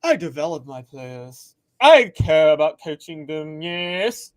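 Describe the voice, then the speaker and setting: A man's voice: on the high side, sing-song, racing, voice pushed down. A man putting on a posh, smug coach. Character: posh, self-praising male basketball coach.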